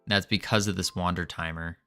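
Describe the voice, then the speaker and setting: A man's voice: deep voice, steady tone, fairly quick, bright, forceful tone, clear, resonant tone, soft background music. A man on a casual livestream, rambling and thinking aloud with small restarts while he works on code. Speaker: game developer streaming.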